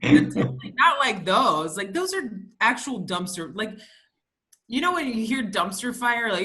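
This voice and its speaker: A woman's voice: on the high side, sing-song, moderate pace, bright, forceful tone. A woman co-hosting a podcast, telling stories in a profane, ranting, casual comedic chat. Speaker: podcast co-host.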